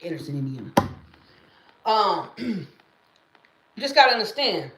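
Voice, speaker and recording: Animated woman ranting on a livestream. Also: on the low side, a little slow, roomy sound. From Mississippi, US. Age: late 30s. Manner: emphatic, profane, repeats catchphrases. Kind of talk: casual live-stream monologue.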